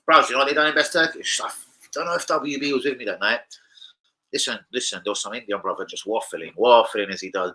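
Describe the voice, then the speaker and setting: A man's voice: mid-range voice, sing-song, fast, sharp tone, poor audio. A young man, hosting a casual live-stream chat, rambling through stories full of slang and swearing. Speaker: football fan channel host.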